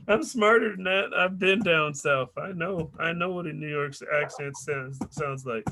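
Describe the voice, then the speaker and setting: Bright, profane man hosting a comedy show. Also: fairly high pitch, measured pace, creaky. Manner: loose, profane and laughing. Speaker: emcee host. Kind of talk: introducing comedians.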